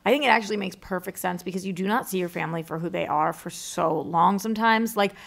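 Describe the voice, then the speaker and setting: Woman, podcast co-host, casual chat, gravelly fry, chatty. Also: lowish voice, quick pace. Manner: chatty, uses "like" often.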